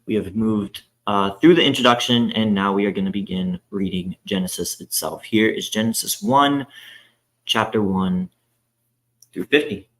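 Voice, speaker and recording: Man, low voice, reading scripture aloud, careful and halting, with hesitant fillers. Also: a bit bright, rough recording. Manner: careful reading with frequent "uh" fillers and self-corrections. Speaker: scripture reader. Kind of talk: reading a Bible introduction aloud.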